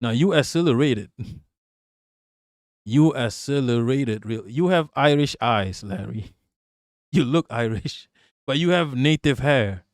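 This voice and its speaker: A man's voice: mid-range voice, lively intonation, takes it slowly, pauses often, no echo, studio quality. A man hosting a casual political livestream, talking bluntly and profanely and laughing as he reacts to chat. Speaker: livestream host.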